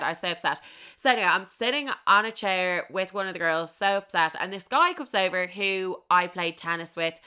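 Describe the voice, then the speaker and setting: A woman's voice: on the low side, bright, forceful tone, clear, resonant tone. A young Irish woman tells a funny personal story with lots of swearing and dramatic emphasis. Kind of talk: comedic storytelling.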